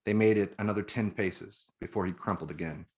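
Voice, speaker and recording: A man, the author, reading his own novel aloud in measured, even narration. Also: on the low side.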